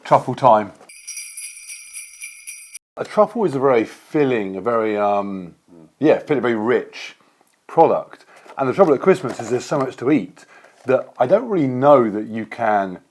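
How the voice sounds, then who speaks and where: Man, vlog host, playful and chatty, medium pitch, food tasting. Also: sing-song, normal speed, pauses often, darkish tone. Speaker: vlogger host. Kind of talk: casual food taste-test chat.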